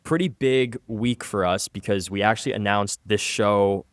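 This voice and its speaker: A man's voice: lowish voice, moderate pace, background noise. A man co-hosting a podcast in casual, hyped-up chat. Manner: hype, lively storytelling. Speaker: podcast co-host.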